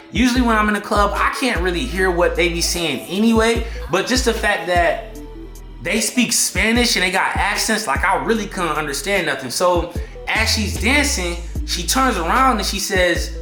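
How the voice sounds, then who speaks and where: A man vlogging an excitable storytime in heavy slang, acting out what people said. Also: sits high, moderate pace. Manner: slangy, excitable, acts out quotes. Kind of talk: animated storytime. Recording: echoey room, faint music behind.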